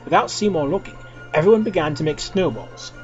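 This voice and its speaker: Young man reading a story, lively and playful. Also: on the high side, brisk. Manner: switches between character voices, lively and playful. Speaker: reader of fan fiction. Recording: dull lo-fi recording with faint music.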